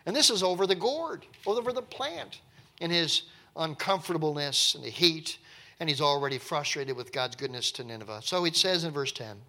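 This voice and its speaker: A man's voice: a little high, lively intonation, normal speed, bright, forceful tone. A man preaching a sermon in an earnest, emphatic way, asking rhetorical questions and reading scripture in old King James wording.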